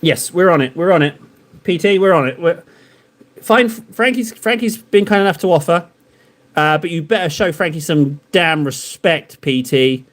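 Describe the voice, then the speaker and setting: A man's voice: on the high side, moderate pace. Rambling man bantering with live chat. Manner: self-deprecating. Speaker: live streamer painting miniatures. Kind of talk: casual live-stream chat while painting.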